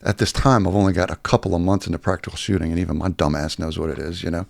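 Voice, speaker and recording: A deep-voiced man with a gravelly edge tells a blunt, swear-filled story in a loose, rambling way. The sound is close and dry, with no room around it. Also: steady tone, racing, no echo. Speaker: YouTuber. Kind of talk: casual storytelling vlog.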